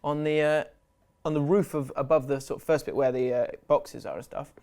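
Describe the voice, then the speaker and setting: An Englishman co-hosting a football podcast in a slightly high voice. He chats easily, cuts in often and tells stories with a laugh. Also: steady tone, a little fast, gravelly, a little mellow, smooth. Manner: chatty, laughing storyteller who interjects often. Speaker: podcast co-host. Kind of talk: casual football chat.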